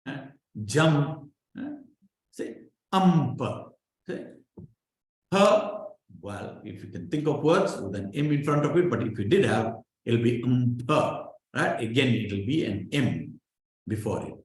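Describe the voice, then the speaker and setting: A man leads an online class, sounding each syllable out slowly and patiently. He keeps pausing to check his listeners follow. His voice rings in a very echoey room. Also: mid-range voice, lively intonation. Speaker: Sanskrit pronunciation teacher. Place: online class over a video call.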